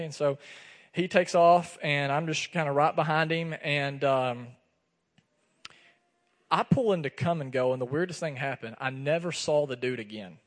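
At a moderate pace, a pastor with a voice on the high side delivers a sermon built around a personal story. He tells it with animation and acts out the dialogue, his words echoing with the long hall reverb of the sanctuary.

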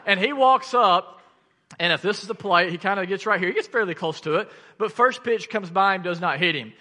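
A male pastor preaching a sermon, telling stories in an animated way with frequent laughs and sudden loud bursts. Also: high voice, brisk, in a large hall.

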